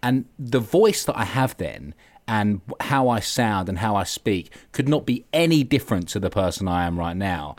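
A man with a South London accent talks through a casual podcast chat, his low voice rising and falling a lot as he tells his story. He swears freely and leans on likes and ums between thoughts. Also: animated, moderate pace, dry recording. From England. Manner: chatty, swears freely, many fillers. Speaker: guest.

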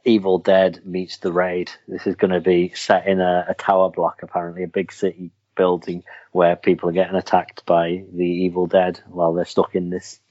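A man's voice: deep voice, monotone, normal speed, hardly any pauses, darkish tone. A man hosting a podcast, chatting casually about films and games in a rambling way with lots of restarts. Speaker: podcast host. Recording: dull lo-fi recording.

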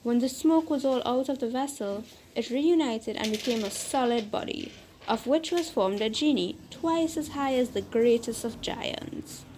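A woman hosting a podcast, reading a fairytale aloud in a measured, unhurried storybook manner. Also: a little high, a little mellow, slight background noise, low-quality recording.

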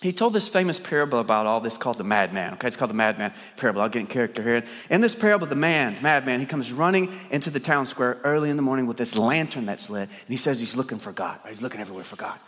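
A man preaching a sermon as a dramatic storyteller, firing rhetorical questions and swinging between loud and soft. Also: mid-range voice, expressive, fast, hardly any pauses. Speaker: pastor. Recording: long hall reverb.

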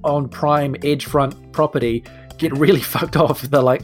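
A man running a tabletop role-playing game as game master, narrating scenes in a relaxed, laughing way. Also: fairly high pitch, moderate pace, faint music behind.

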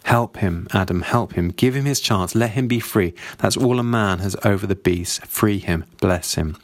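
A weary, philosophical old servant, as a man reads him aloud, speaking in a measured, grave way. The voice sits low, and the recording is dry and close. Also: no echo, natural voice. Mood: earnest. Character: older male household servant, weary, philosophical.

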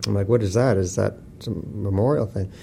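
Fairly quick and low, this man's voice is gravelly and dark, with a little hiss or hum in the background. As an author being interviewed, he chats casually, bluntly and with profanity, spinning wry stories.

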